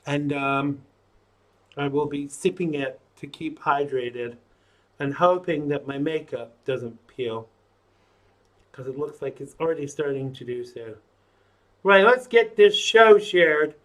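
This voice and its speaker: Speaking slowly and pausing often, a man with a slightly high voice talks to himself in a rambling, chatty way while setting up to go live on his stream.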